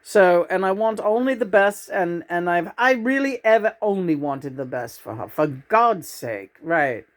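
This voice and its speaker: Man, middle-aged, channel co-host, casual chat, very slow, halting, restarting sentences. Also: sits high, expressive.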